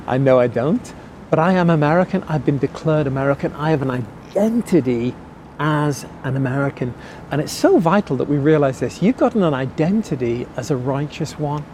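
A middle-aged man, preaching a sermon earnestly and slowing down to stress key words. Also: a little high, lively intonation, darkish tone, a little hiss or hum. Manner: earnest, repeats key phrases slowly for emphasis. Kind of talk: sermon teaching.

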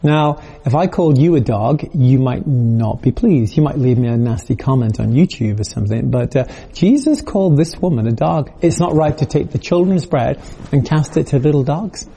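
A man's voice: medium pitch, expressive, normal speed, gravelly, warm tone, breathy edge. A man preaching a video sermon in a conversational, storytelling way, acting out quoted voices.

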